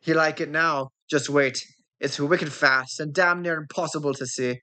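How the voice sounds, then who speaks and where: A woman voicing a brisk young male sports captain, explaining the rules in a lowered, even voice. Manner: lower-pitched, explaining step by step.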